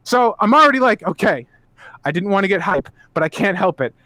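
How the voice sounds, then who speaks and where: A man with a high voice rants through a casual podcast chat. His talk is animated and full of swearing. The recording is dry and close. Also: fairly quick, dry recording. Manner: animated profane ranting. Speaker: podcast co-host.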